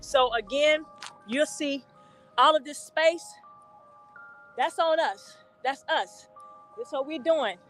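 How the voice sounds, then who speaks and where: A woman leading a live walking tour through indoor hotel hallways, talking into a phone she holds as she walks. She is energetic and hyped, and she repeats words for emphasis. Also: sits high, takes it slowly, long pauses. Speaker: event organizer giving a tour. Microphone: phone held while walking. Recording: tinny phone-mic audio with faint music.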